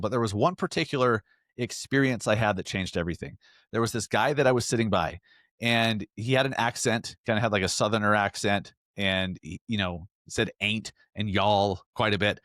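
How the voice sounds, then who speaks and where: A man's voice: fairly low pitch, fairly bright tone, no room sound, clean studio sound. A man hosting a solo podcast, talking earnestly and emphatically with frequent restarts. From Salt Lake area, US. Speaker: podcast host.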